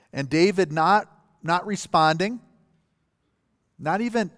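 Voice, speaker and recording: A man preaching a sermon as pastor, talking conversationally and rising to forceful readings of scripture. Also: mid-range voice, in a large hall.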